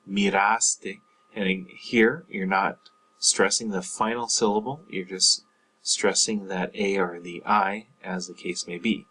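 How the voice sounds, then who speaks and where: Male language teacher, low voice, slow and patient, lecture-style delivery. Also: fairly bright tone, slightly rough, poor audio. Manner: patient, explanatory, frequent fillers. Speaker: Spanish teacher. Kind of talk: recorded language lesson.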